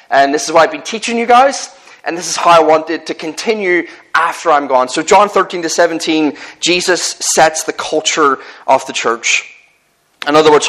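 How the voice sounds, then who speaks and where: A man's voice: a little high, a bit bright, low-quality recording. A man with a Northern Irish accent preaching a sermon in an earnest, conversational way, often restarting his phrases and telling personal stories.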